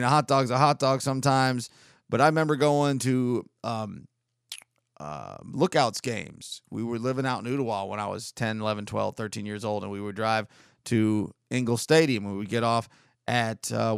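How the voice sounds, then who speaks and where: A man's voice: mid-range voice, creaky, clean tone, no room sound, clean studio sound. A man in his forties from the United States, rambling wryly and sarcastically through a casual solo monologue as a podcast host.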